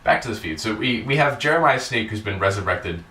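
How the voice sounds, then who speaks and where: A man's voice: lowish voice, lively intonation, brisk, pushed and bright. A man hosting a podcast, casually recapping a wrestling show in a rambling way, full of fillers and swearing. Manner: rambling, filler-heavy, profane. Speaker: podcast host. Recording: echoey room, distant mic.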